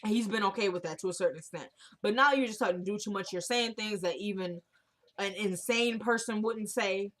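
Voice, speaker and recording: A woman's voice: medium pitch, brisk, fairly bright tone. Woman, casual TV recap, chatty, acts out characters' lines. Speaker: TV episode recapper.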